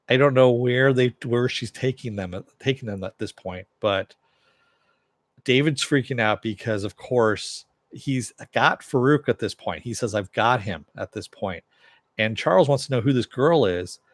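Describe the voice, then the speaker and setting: A man's voice: on the low side, no room sound. Rambling man recapping a TV episode. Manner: rambling, many fillers and restarts; quotes characters in a slightly raised voice. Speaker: TV episode reviewer. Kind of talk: casual spoken recap.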